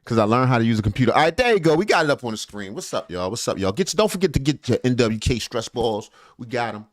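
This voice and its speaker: A man's voice: medium pitch, sing-song, fast talker, few pauses, no room sound, studio quality. A middle-aged man hosting a live stream in loose, joking chat, laughing often and swearing freely.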